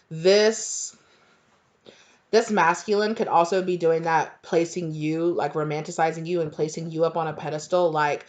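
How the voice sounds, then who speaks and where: A woman giving a casual tarot reading, chatty and full of fillers, laughing now and then. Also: fairly low pitch. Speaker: tarot reader.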